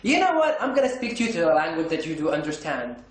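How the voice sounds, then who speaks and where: A man's voice: on the high side, big pitch swings, fast talker, roomy sound. A man telling a story in a casual vlog, rambling and stumbling through many restarts. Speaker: vlogger.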